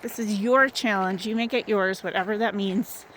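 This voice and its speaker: A woman hosting a wellness challenge, giving gentle, encouraging motivational talk outdoors, a little out of breath from walking. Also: mid-range voice, fairly even intonation, moderate pace, slight background noise, poor audio. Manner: gentle, encouraging, guiding with questions. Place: outdoors in the sun.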